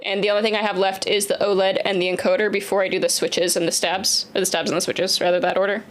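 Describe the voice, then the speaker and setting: A woman's voice: little pitch movement, fast. Chatty woman streaming, cooing at dogs. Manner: chatty, breaks off to coo at her dogs in a higher voice. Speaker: livestreamer building a keyboard. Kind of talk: casual live-stream chat.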